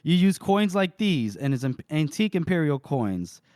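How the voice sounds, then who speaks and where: A man's voice: on the high side, very animated, normal speed, darkish tone, no room sound, studio quality. A man voicing a pompous, self-important soldier of fortune, with grand, theatrical delivery, while recapping a novel on a podcast.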